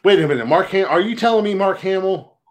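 A man's voice: high voice, lively intonation, fast. A man co-hosting a podcast, teasing with mock outrage and blunt swearing in casual chat.

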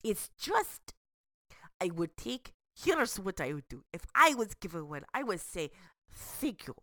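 A woman's voice: mid-range voice, big pitch swings, unhurried, a bit bright, dry recording, clean studio sound. A woman putting on an exaggerated fake Russian accent for a comedy bit, speaking in stiff, broken phrasing. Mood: deadpan. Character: woman doing a mock Russian skeptic.

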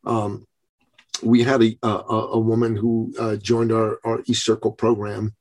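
A man hosting an interview, telling a business story in a casual, animated way and acting out the quotes. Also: fairly low pitch, a little slow. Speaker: podcast host.

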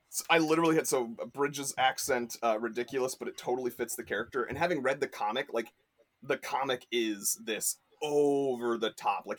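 A man's voice: medium pitch, fairly bright tone. Rambling male podcast guest. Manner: rambling, many fillers and restarts. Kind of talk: casual chat.

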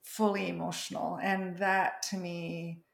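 Reflective woman guest with a gravelly voice, recorded in an echoey room. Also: fairly low pitch, level tone, measured pace. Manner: reflective, stammers and restarts. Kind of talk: casual reflective conversation.

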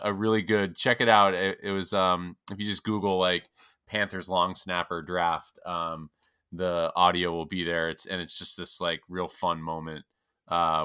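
A man co-hosting a podcast who tells stories in a quick, animated way, laughing as he goes. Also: deep voice, clear, resonant tone, no room sound, clean studio sound. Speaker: podcast co-host. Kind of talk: casual podcast chat.

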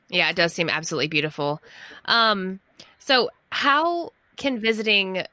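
Bright-voiced woman hosting an interview. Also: lowish voice, dry recording. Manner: relaxed interviewer, frequent murmured agreement. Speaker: podcast host. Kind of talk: casual interview chat.

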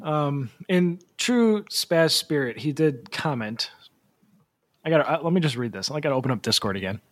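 A podcast host leading a casual chat about a film, with relaxed, hesitant phrasing. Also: medium pitch, normal speed.

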